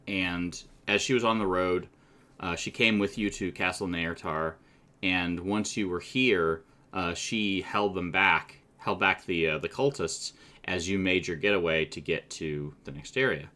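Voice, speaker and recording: A man running a tabletop game as game master, chatty and loose in his narration and quick to laugh. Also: low-pitched, bright, forceful tone.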